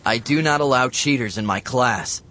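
A man's voice: mid-range voice, moderate pace, bright, forceful tone, slight background noise, lightly acted. A man voicing a strict male schoolteacher who speaks sharply and sternly.

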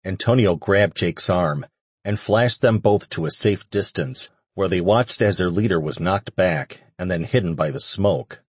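A man reading a fantasy audiobook in steady scripted narration. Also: low-pitched, a little slow, breathy edge, dry recording.

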